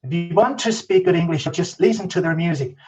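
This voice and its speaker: A man's voice: on the high side, fairly quick, a little mellow, breathy edge, soft background music. Man, Spanish accent, chatty guest, restarts a lot, dull lo-fi recording. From Spain. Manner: peppers talk with "okay?" and "you know", frequent restarts. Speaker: podcast guest. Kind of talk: casual interview storytelling.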